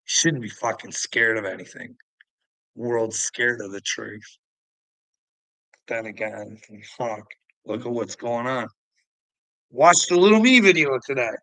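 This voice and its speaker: Guy ranting on a stream, cussing a lot, picking fights with chat, sharp tense voice. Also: medium pitch, takes it slowly, long pauses, no echo, poor audio. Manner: profane, confrontational, goading. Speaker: livestreamer answering chat. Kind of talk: unscripted ranting livestream.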